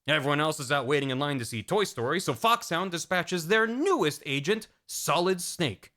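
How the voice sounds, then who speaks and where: Male comedic recap narrator, wry delivery, lively swooping pitch, bright tone. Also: moderate pace. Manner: wry, animated storytelling.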